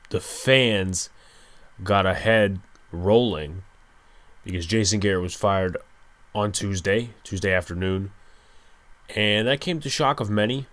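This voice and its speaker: Young male podcast host, keeping his voice down, weary and let down. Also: no echo. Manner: speaking low and hushed, late at night; resigned, frustrated fan rant. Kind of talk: solo sports podcast monologue.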